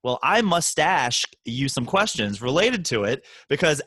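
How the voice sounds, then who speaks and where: Playful, lively male podcast host. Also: medium pitch, no echo. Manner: playful, joking, quick. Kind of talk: casual podcast chat.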